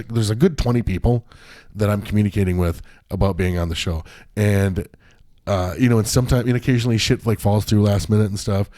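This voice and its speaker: A man's voice: on the low side, a little mellow, dry recording, clean studio sound. A man co-hosting a podcast in casual chat, rambling with many fillers and frequent swearing. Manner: profane, rambling, full of fillers. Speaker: podcast co-host.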